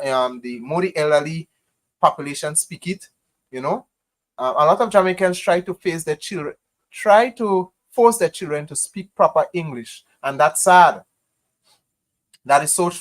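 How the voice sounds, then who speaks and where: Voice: mid-range voice, unhurried. A speaker from Grenada with a Grenadian accent, hosting a casual live stream and talking passionately to viewers, repeating phrases and often saying "you know". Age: adult parent. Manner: impassioned, repetitive, heavy use of "you know".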